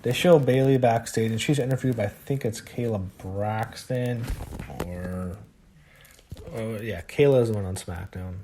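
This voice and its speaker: A man's voice: fairly low pitch, measured pace, mellow, slight background noise. A man giving a casual, blunt recap of a wrestling show, swearing and shrugging things off with frequent fillers.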